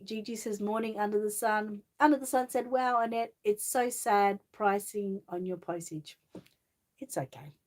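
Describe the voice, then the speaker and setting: A woman's voice: mid-range voice, a little mellow. An Australian woman hosting a casual livestream, reading viewer comments aloud and answering them in a chatty, friendly way. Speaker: livestream host.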